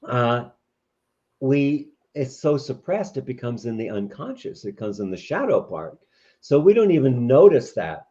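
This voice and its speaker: A man's voice: medium pitch, mellow. A man talking in an interview, explaining ideas thoughtfully with frequent restarts. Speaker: guest. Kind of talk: reflective interview talk. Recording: dull lo-fi audio.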